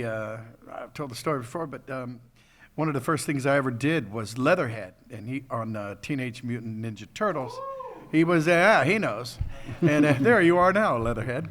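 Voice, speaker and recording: A man's voice: mid-range voice, fairly bright tone. An older man, a voice actor guest at a convention panel, telling rambling stories and chuckling often.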